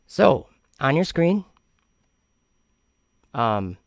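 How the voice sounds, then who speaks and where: A man hosting a commentary vlog reacts to comments argumentatively and sarcastically, rambling and often restarting his sentences. His gravelly, medium-pitched voice swings widely in pitch and stretches out words, recorded at studio quality with no echo.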